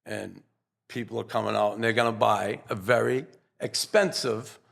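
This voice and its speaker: Older male guest, gravelly voice, earnest, rambling anecdotes with restarts. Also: fairly low pitch, moderate pace, fairly bright tone. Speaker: guest, former pro hockey player. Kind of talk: casual interview storytelling.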